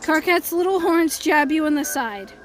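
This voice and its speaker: High-voiced woman reading a game aloud. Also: lively intonation, moderate pace, rough recording. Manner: casual, amused asides. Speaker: streamer. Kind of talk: reading a visual novel aloud live. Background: game music.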